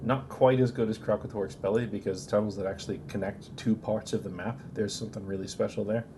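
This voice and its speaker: A man's voice: lowish voice, fairly even intonation, fast, noisy background. A man giving casual, profane tier-list commentary on a game, blunt and opinionated. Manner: blunt, opinionated, swears freely. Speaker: gaming video creator ranking game locations.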